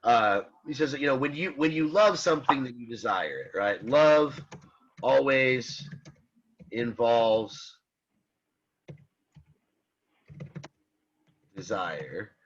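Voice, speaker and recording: A man's voice: medium pitch, animated, a little fast, hardly any pauses, a bit bright, breathy edge, dull audio. Hesitant man lecturing over a video call. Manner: hesitant, many restarts and "right?" checks. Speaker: philosophy teacher. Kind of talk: online class lecture. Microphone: computer mic on a video call.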